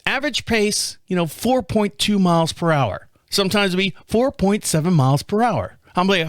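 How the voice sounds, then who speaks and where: A man's voice: high-pitched, expressive, normal speed, few pauses, dry recording, studio quality. A man in his fifties with an American accent, hosting a casual solo chat show, rambling with restarts and swearing. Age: 50s. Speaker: podcast host.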